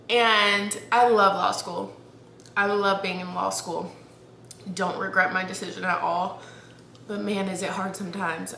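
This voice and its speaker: A woman's voice: mid-range voice, pushed and bright, roomy sound, a little hiss or hum. Young woman vlogging, holding back tears. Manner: candid, halting, restarts, laughs through near tears. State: close to tears. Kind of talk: casual vlog talk to camera. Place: at home, in bed. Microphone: camera held up.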